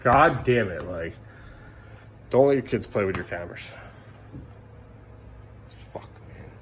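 A man's voice: lowish voice, animated, normal speed, fairly bright tone, slight background noise. A man in his thirties, a father vlogging at home at night, talking casually and emotionally with swearing and fillers. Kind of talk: casual vlog talk to camera. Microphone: camera mic.

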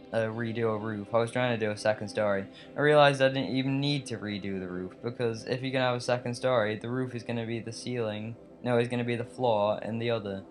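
A man with an English accent tinged with American, rambling chattily through a gameplay commentary voiceover with many fillers and tangents. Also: mid-range voice. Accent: English, slightly American. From England. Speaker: let's play host.

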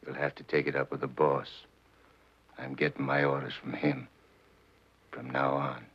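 A cocky gangster back from the dead. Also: male voice, very deep voice, monotone, moderate pace, husky, exaggerated voice. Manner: gangster slang, menacing, sardonic. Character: tough, cocky middle-aged male gangster back from the dead. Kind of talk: 1940s film acting. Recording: muffled 1940s film soundtrack with score.

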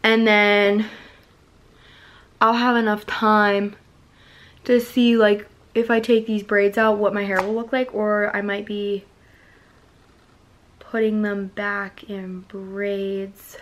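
A young woman, chatting casually and excitably in a vlog, swearing freely and using slang. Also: mid-range voice, takes it slowly. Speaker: vlogger.

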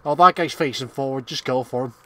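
A man's voice: medium pitch, quick pace, fairly bright tone. A man trading jokes and swearing freely while playing a co-op game on stream. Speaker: co-op gamer on stream. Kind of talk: casual gaming banter.

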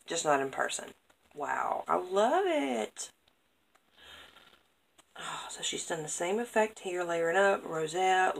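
A craft vlogger chats casually to camera, opening happy mail and gushing over every piece, her low, creaky voice excitable as she repeats words of praise. The recording quality is poor.

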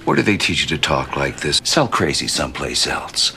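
A performer voicing a scornful, deep-voiced man in a short distant clip. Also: very animated, moderate pace, creaky, bright, forceful tone, soft background music, full character voice.

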